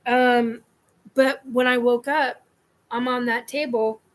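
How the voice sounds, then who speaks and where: A woman's voice: a little high, flat delivery, takes it slowly. A woman hosting her own show, telling a personal experience in a scattered, rambling way. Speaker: host.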